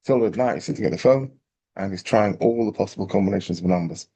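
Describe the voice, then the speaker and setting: Male rabbi, low gravelly voice, animated storyteller. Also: fast. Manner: animated storyteller, acting out quotes. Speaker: rabbi teaching a class. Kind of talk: storytelling Torah class.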